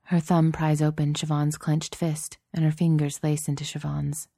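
A woman narrating a story in a steady, soft-spoken audiobook style. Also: sits low, normal speed, gravelly, no room sound, clean studio sound.

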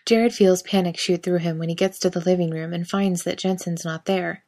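A woman narrating a story aloud in a steady audiobook reading. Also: lowish voice, normal speed.

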